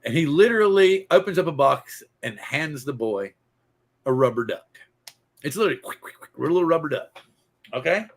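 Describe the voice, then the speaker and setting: A man's voice: fairly high pitch, animated, brisk. A man hosting a podcast who tells a long joke in a rambling, casual way, restarting his sentences often. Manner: rambling, embellished storytelling with restarts. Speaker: podcast host.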